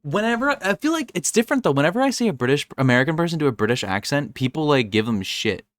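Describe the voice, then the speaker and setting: A man's voice: a little high, very animated, fast, a bit bright, dry recording, clean studio sound. A man co-hosting a casual podcast, who laughs often, swears freely and pokes fun at himself. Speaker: podcast co-host.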